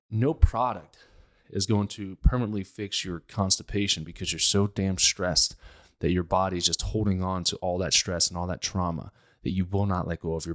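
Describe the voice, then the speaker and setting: A man from Pittsburgh hosting a health podcast, talking emphatically and firing off rhetorical questions. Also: deep voice. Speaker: podcast host, health practitioner. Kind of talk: casual health podcast monologue.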